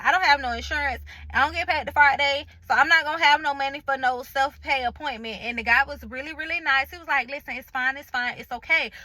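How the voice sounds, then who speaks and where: A woman with a high, bright, sharp voice tells a personal story straight to her viewers. She talks emphatically and colloquially, acting out each conversation she retells. The recording is dry and close, with no room sound. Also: dry recording, low-quality recording. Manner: colloquial, chatty, addresses viewers directly. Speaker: vlogger sharing a health update.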